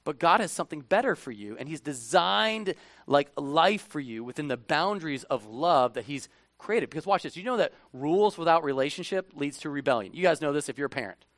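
Male pastor, fairly high voice, dry close sound; preaches conversationally, drops to near-whispers then bursts out loud. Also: a little fast, no room sound. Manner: animated, swings from hushed asides to loud emphatic bursts. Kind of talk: conversational sermon.

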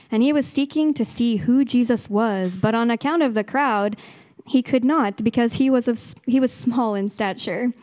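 Higher-voiced woman reading scripture aloud. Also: no echo. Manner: steady, deliberate reading aloud. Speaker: scripture reader. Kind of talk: public Bible reading in church.

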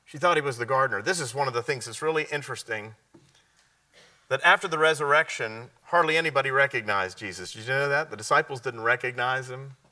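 A man preaching a sermon, often asking his listeners questions and answering them, sometimes dropping to a hushed, slow delivery. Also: mid-range voice, far from the mic. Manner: drops to a hushed, slow delivery at key points.

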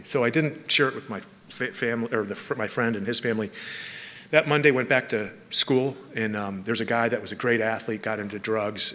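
Man, personal testimony, halting with restarts, bright tense tone, faint background ambience. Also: fairly low pitch, slight background noise. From Southern California. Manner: halting, many restarts and repeated words. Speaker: speaker sharing testimony. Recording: long hall reverb, faint ambience.

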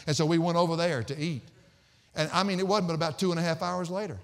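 A man's voice: steady tone, fast talker. Emphatic preaching man, echoing sanctuary. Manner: emphatic preaching, swinging between loud declamation and low conversational asides. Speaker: pastor. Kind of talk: sermon.

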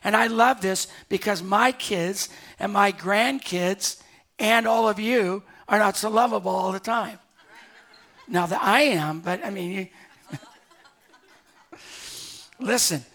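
An older man, a pastor delivering a sermon to a live congregation, moving between quiet, slowed passages and loud, urgent appeals. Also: high voice. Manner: swings from hushed to loud and urgent.

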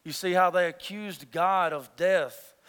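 High, bright-voiced man preaching in a hall. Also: measured pace, clean tone. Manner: conversational, jokey preaching, acts out quoted voices; builds to loud emphatic passages. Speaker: pastor. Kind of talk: sermon.

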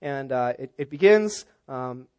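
A middle-aged man preaching a sermon as pastor, in a relaxed conversational way with frequent "uh" fillers and small restarts. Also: mid-range voice, a little slow, clean tone.

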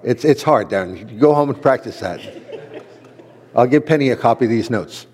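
A man's voice: medium pitch, expressive, moderate pace, a little mellow, husky. Man preaching in a reverberant hall. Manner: earnest, repeats key phrases for emphasis. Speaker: pastor teaching a men's class. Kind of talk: sermon-style lesson.

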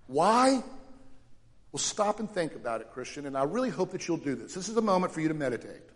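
A male pastor preaching a sermon dramatically, rising to loud questions and dropping to hushed lows. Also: big pitch swings, very fast, long reverb tail.

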